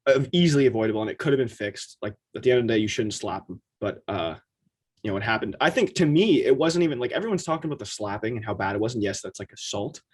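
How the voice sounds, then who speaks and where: A man co-hosting a podcast in a casual chat, talking in an animated way and acting out quotes in quick asides. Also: on the low side, breathy edge. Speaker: podcast co-host.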